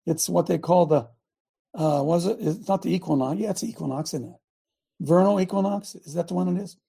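Gravelly, emphatic older male host. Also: high-pitched, fairly quick. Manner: loud, emphatic, repeats himself for emphasis. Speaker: show host and former football coach. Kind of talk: impassioned talk show monologue.

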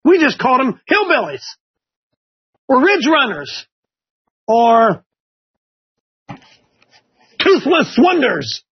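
A man from Ohio leads a Bible class in a chatty, folksy sermon, pressing his listeners with one question after another. His voice sits unusually high and sounds husky. The recording is muffled and lo-fi. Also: huge pitch swings, takes it slowly, pauses often.

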